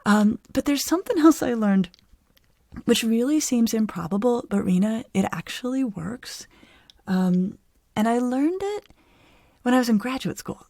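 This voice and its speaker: A middle-aged woman psychologist hosting a podcast, explaining conversationally with an animated, easy manner. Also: mid-range voice, vocal fry, dry recording, clean studio sound. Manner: animated, explanatory, laughs easily. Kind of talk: conversational expert advice.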